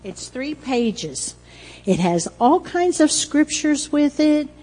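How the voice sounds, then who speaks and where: An older grandmother speaks to a congregation in an unhurried, mellow voice. She is emotional and close to tears, telling a personal story straight to her granddaughter beside her. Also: mid-range voice, breathy edge, long reverb tail. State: tearful. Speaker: church speaker.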